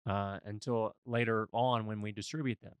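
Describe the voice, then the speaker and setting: On his podcast, a male financial advisor talks in a folksy, earnest, emphatic manner during a conversational discussion. His smooth voice sits on the low side with fairly even intonation and a normal pace, recorded without echo.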